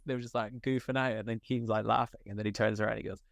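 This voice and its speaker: A young man from Scotland, an actor, telling set stories in a casual interview, animated and slangy, full of filler likes. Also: mid-range voice, quick pace, creaky, hardly any pauses, no echo, clean studio sound. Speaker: actor guest.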